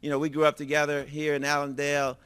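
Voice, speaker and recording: A man's voice: on the high side, monotone, quick pace, a bit bright, clear, resonant tone, lightly acted. A man voicing a young woman's replies while retelling a story. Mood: teasing. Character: young woman answering a suitor.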